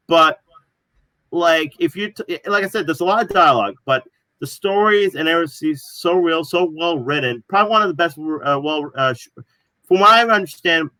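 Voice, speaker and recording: Casting note: man, casual podcast co-host, rambling storyteller, bright, dry close sound. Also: on the high side, no room sound, low-quality recording. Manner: rambling, filler-heavy storytelling. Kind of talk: casual chat.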